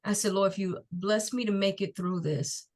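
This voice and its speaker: Middle-aged woman, podcast guest, earnest faith-filled testimony, mid-pitched voice, takes her time. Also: fairly even intonation, moderate pace, a little mellow. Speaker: guest, nonprofit founder. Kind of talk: personal testimony in a podcast interview.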